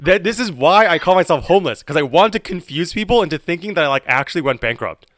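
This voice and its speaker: A man streaming and chatting on a call, teasing and exasperated in a deadpan way. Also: on the high side, fast talker, dry recording, clean studio sound. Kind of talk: casual chat on a call while streaming.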